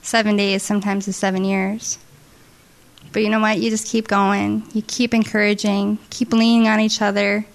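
A woman's voice: mid-range voice, flat delivery, moderate pace, gravelly. A middle-aged woman telling an earnest, emotional testimony story to a congregation at a church service. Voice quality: earnest, emotional, with restarts and soft asides.

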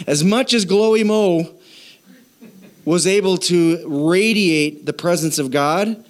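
A man preaching a sermon in church, his voice sitting a little high for a man. He jumps between soft, offhand asides and loud, emphatic lines. He teases the congregation and gets them to say lines back to him. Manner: jokes with the congregation and prompts call-and-response. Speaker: pastor.

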